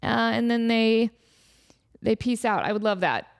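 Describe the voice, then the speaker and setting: With a fairly high, creaky voice and a measured pace, a woman in her thirties talks casually on her solo podcast. Her bubbly chat is peppered with "like" fillers and playful asides, and she breaks into excited voices when storytelling.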